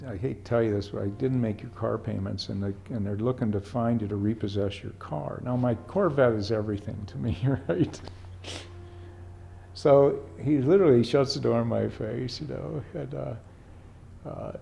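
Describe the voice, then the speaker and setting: An older man with a gravelly, creaky voice tells long rambling stories about his life for a documentary interview. He fills his talk with "you know" asides and grows emotional, and faint music plays behind him. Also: mid-range voice, dark tone. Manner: gets emotional. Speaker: painter.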